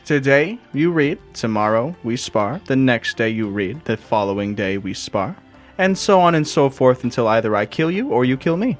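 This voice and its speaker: A man's voice: medium pitch, expressive, normal speed, soft background music, close to an everyday voice. A man voicing an extremely old woman, a fierce, brash trainer who taunts bluntly. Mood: stern.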